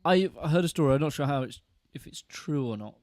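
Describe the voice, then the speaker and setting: A man's voice: a little high, lively intonation, a little fast, a little mellow, dry recording. Easygoing young man telling stories. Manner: easygoing storyteller, agreeable. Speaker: podcast co-host. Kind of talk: casual chat on a live stream.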